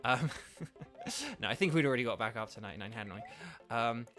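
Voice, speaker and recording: A man's voice: medium pitch, big pitch swings, brisk, fairly bright tone. An English man chatting casually while streaming a video game, polite and self-deprecating, rambling with lots of fillers. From England. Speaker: streamer and voice actor. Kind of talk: casual gaming stream chat. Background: faint game music.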